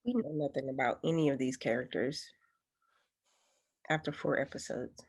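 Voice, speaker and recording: A woman's voice: very deep voice, normal speed, darkish tone, husky. A woman co-hosting a casual TV review, chiming in with dry, brief remarks. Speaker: co-host.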